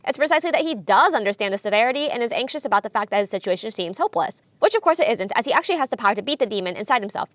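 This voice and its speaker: A woman narrating a scripted anime video essay in a brisk, analytical, enthusiastic way. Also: on the high side, a bit bright, no room sound.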